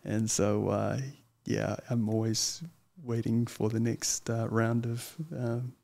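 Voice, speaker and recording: A young man, a guest chatting casually in an interview, earnest and hesitant, often pausing with ums. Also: on the low side, monotone, gravelly, darkish tone. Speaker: guest, lawyer and wrestler.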